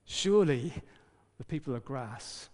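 A man preaching a sermon as pastor, lively and emphatic, with joking asides. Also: medium pitch, unhurried. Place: church hall. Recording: long reverb of a hall.

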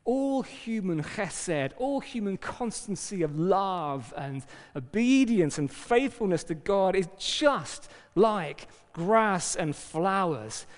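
A man preaching a sermon as pastor, lively and emphatic, with joking asides. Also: high-pitched, slow, hardly any pauses. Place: church hall. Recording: long reverb of a hall.

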